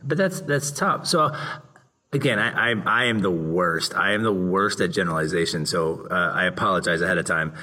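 A man's voice: sits low, animated, moderate pace, pushed and bright. A man interviewing a guest, asking reflective, searching questions. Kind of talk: conversational interview.

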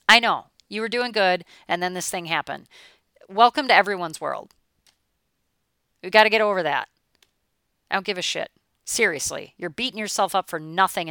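A woman in her forties coaching listeners with a blunt, emphatic delivery and the odd casual swear word. Her voice is bright and clean, recorded close and dry with no room around it. She talks as a motivational mindset coach. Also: medium pitch, smooth, no room sound. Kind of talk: motivational talk.

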